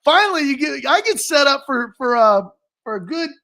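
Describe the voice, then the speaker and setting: A man doing a jokey high Australian bloke. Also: sing-song, moderate pace, gravelly, sharp tone, exaggerated voice. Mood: goofy. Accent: put-on Australian. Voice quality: exaggerated, high-pitched mimicry.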